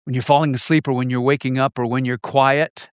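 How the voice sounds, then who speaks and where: A man preaching a sermon with emphatic repetition, swinging between loud stresses and hushed lines. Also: mid-range voice, little pitch movement, brisk, clean tone, dry recording, clean studio sound.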